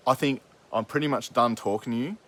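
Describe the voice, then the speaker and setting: A man's voice: mid-range voice, brisk, a bit bright. Angry, swearing man in a heated argument. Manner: angry and swearing, talking over the other speaker. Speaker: podcast host.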